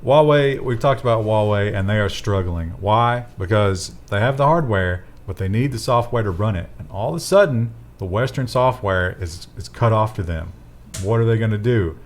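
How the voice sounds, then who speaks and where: A man's voice: fairly low pitch, lively intonation, normal speed. A man hosting a casual tech news chat, with dry and wry asides.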